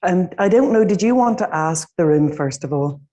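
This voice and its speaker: A woman's voice: fairly low pitch, lively intonation, normal speed, dark tone, lo-fi sound. A middle-aged Irish woman giving a conference presentation in a small room, speaking informally with many fillers. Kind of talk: conference talk.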